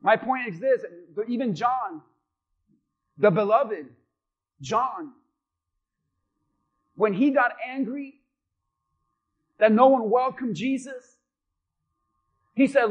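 A man with a strikingly high voice preaches a sermon as a pastor. He speaks straight to the congregation with questions and breaks into short acted-out quotes. The recording sounds dull and lo-fi. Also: slow pace, pauses often.

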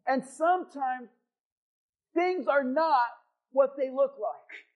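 A male pastor preaching to his congregation. He moves from a quiet prayer to a loud, stirring sermon. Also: very high-pitched, slow, dull audio. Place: church in front of a congregation.

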